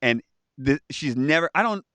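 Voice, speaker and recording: An animated man on a live stream, his voice jumping up and down in pitch as he jokes around. The tone is bright and a little forceful, and the sound is close and dry, with no room echo. He reads viewer comments and throws in quick impressions. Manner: animated, jokey, mimics voices. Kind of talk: casual chat, reading viewer comments.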